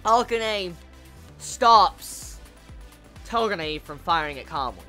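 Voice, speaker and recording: Woman ranting abt an anime ep, swears a lot, trips over her words, bright voice bouncing all over, faint music behind. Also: on the low side, animated, slow. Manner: profane, exasperated, stumbles and repeats words. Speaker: anime reviewer. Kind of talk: ranting episode review.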